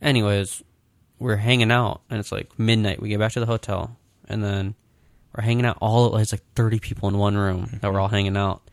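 Male podcast co-host, low and gravelly, loose storytelling delivery, dry sound. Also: little pitch movement, brisk, dry recording. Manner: rambling anecdotes with frequent "like". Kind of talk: casual chat, storytelling.

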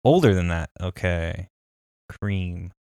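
Very deep-voiced man in easy chat. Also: animated, takes it slowly, darkish tone, clear, resonant tone. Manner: easygoing, laughs often, thinks aloud. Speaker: podcast co-host. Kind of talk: casual chat.

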